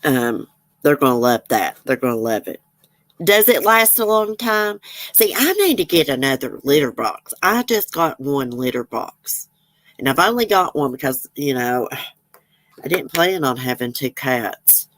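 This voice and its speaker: A woman's voice: rumbling low, sing-song, unhurried, no room sound. A woman, chatting casually as a livestream host, reading viewer comments and rambling with frequent laughs.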